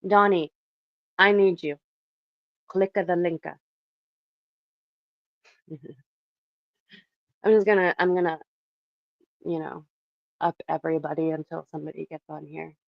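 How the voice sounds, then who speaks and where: A woman's voice: deep voice, little pitch movement, unhurried, creaky, pauses often, no echo, highs cut off. A young woman from Canada chatting casually and animatedly with her livestream viewers from her bedroom, laughing often. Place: home bedroom.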